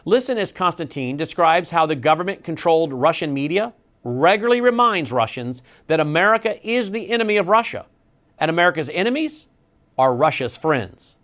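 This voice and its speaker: A man's voice: on the high side, animated, fairly quick, fairly bright tone. Guy narrating a documentary, setting up each clip, voice bounces up and down.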